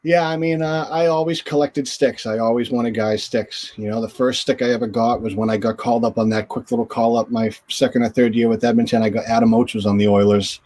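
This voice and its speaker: Brisk and mid-range with few pauses, a middle-aged man, formerly a hockey goalie, tells stories as a video call interview guest. He animatedly acts out quotes, raising his voice.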